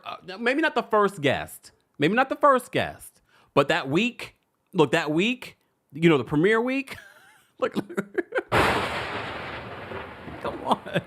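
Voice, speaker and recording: A woman hosting a live-stream celebrity gossip recap, hoarse, chatty and laughing often, stopping and restarting her sentences. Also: low-pitched. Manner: animated, laughing, self-interrupting.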